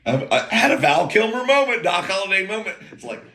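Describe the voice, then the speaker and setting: Animated American man telling a rambling story. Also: high voice, fairly quick. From United States. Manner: rambling, profane, self-interrupting, jokey asides. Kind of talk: casual anecdotal monologue.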